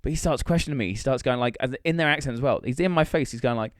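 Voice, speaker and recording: Storytelling quickly in a casual podcast chat, this young male co-host swears freely and voices each line of dialogue himself. His voice sits at a normal pitch, recorded up close, dry, and free of room sound.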